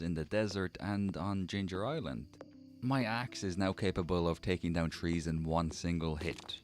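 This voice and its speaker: A man with a lisp narrating his gameplay in a scripted voice-over, with dry, mock-dramatic humor. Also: sits low.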